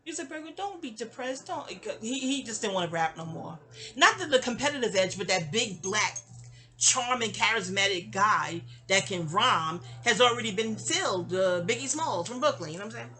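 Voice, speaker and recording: Bright-voiced rambling New woman. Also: medium pitch, normal speed, soft background music. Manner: rambling, stammering restarts, animated quoted asides. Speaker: storyteller. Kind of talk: casual audio-diary storytelling.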